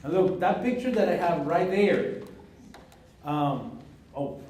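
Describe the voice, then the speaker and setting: A man's voice: high-pitched, lively intonation, darkish tone, slight background noise. Man leading a teacher workshop, far and echoey. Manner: casual, halting, many fillers and restarts. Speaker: teacher trainer. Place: classroom.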